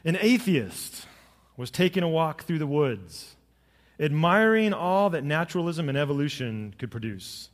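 A middle-aged pastor preaches a sermon, telling jokes and stories and pressing his points with lively emphasis. His voice sits fairly high for a man. The sound rings with the long reverb of a large hall. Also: unhurried. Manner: jokey storytelling, rising to lively emphasis.

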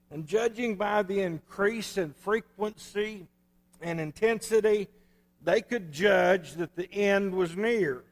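A male pastor delivers a storytelling sermon in a folksy, easygoing manner. His voice sits notably high for a man. The recording carries the long reverb of a church hall. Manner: storytelling preacher, folksy and conversational. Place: church sanctuary.

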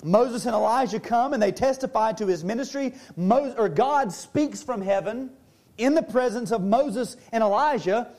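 A man preaching a sermon, earnest, slowing down and dropping his voice low to stress key lines. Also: expressive, darkish tone. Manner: earnest preaching, slows and drops low for emphasis. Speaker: pastor.

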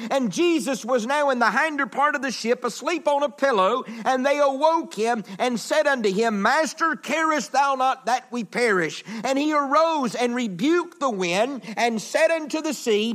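A male pastor preaching a sermon in a church, swinging from loud declarations to hushed words, with folksy asides to the congregation. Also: extremely high pitch. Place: church building.

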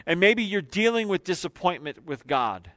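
A man's voice: high-pitched, very animated, dry recording. Man preaching in emphatic cadences. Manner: emphatic, repetitive preaching cadence, slowing and dropping quiet on key phrases; loose asides with fillers between scripture readings. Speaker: pastor. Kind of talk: sermon.

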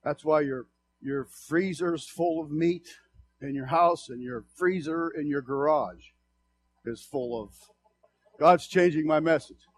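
A man preaching a sermon to a congregation, passionate and emphatic, moving between loud exhortation and low, confiding asides. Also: takes it slowly, slightly rough.

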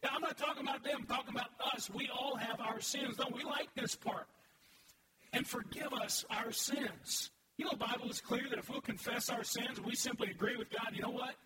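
A man's voice: extremely high pitch, fairly even intonation, fast talker, hardly any pauses, noisy background. A man preaching a sermon as pastor, earnest and emphatic, prompting the congregation to respond. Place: large church sanctuary. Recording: echoey hall, voice from far off.

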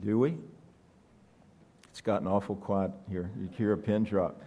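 A man's voice: fairly low pitch, fairly even intonation, a little slow, warm tone, husky. A man preaching a sermon, asking the congregation questions and joking with them. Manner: conversational, asks the congregation questions, joking asides.

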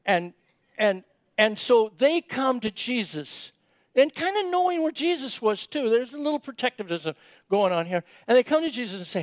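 A man's voice: very high voice, big pitch swings, normal speed, dry recording. A man giving a sermon in a conversational way, often repeating words as he starts sentences and asking the audience questions. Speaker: preacher.

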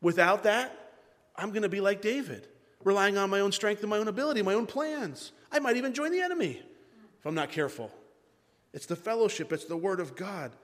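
A man's voice: sits high, animated, a little fast, a bit bright. Emphatic preacher man in a reverberant hall. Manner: emphatic, repeats key phrases. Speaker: pastor. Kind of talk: sermon.

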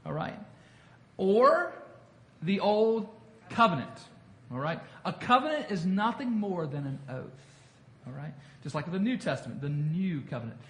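A man's voice: a little high, animated, moderate pace. A man leading a Bible study as pastor, talking conversationally, repeating himself and asking the group questions. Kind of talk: interactive Bible teaching. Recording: echoey room with faint noise.

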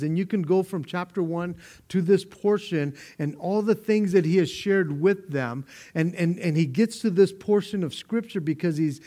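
A man's voice: high-pitched, dark tone. A man preaching a conversational sermon, earnest and speaking directly to the congregation, often repeating words as he builds a point. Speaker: pastor.

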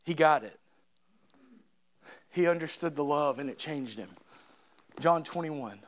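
Impassioned preacher, man. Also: a little slow. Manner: swings from soft and low to loud, high and impassioned. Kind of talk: sermon.

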